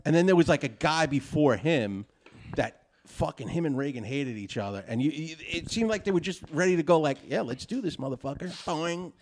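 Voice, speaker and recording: Profane, animated podcast host. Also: male voice, on the high side, normal speed. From New York. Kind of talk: casual chat.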